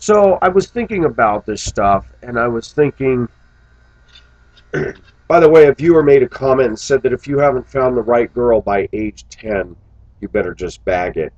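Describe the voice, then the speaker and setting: A man's voice: mid-range voice, moderate pace, darkish tone, dull audio. A man talking to his viewers in a casual vlog monologue, musing aloud and breaking into exclamations. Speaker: vlogger.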